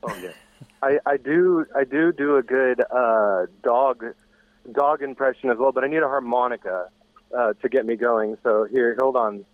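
A man's voice: medium pitch, moderate pace, no room sound. A man calling in to a radio show by phone, chatting casually in a rambling, stumbling way that repeats words. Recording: tinny phone line, dry.

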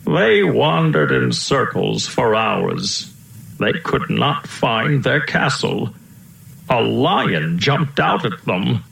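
A man reading a children's storybook aloud, slow and lilting. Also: medium pitch, sing-song, vocal fry, a bit bright. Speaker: storybook reader. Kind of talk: storybook read-aloud narration. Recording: roomy echo.

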